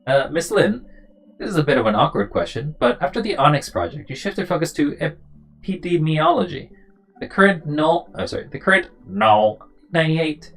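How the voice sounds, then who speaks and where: A streamer voicing an earnest young man looking into his grandmother's past, read briskly and plainly from game dialogue. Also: mid-range voice, gravelly. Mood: polite. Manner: brisk, flat dialogue reading. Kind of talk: reading game dialogue aloud.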